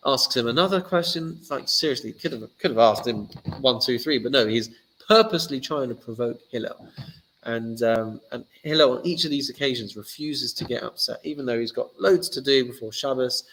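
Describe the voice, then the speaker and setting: A man, a rabbi giving a casual teaching talk and telling stories lively, acting out the characters. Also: mid-range voice, fairly quick, rough recording.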